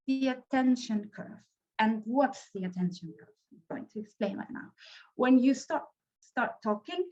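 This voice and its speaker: A woman's voice: a little high, darkish tone, lo-fi sound. Spanish-accented woman leading a workshop. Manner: halting, many fillers and restarts. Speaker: workshop trainer. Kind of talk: online training workshop.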